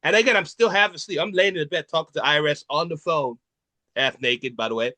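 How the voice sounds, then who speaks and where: A man's voice: on the high side, quick pace, no room sound. A man from Nigeria, a comedian chatting casually and acting out the people in his stories. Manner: animated, acts out quoted voices in his stories. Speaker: comedian and podcast co-host. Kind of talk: casual chat, storytelling.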